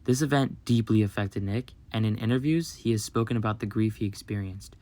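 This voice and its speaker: A man narrating a documentary script in an even, measured way. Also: lowish voice.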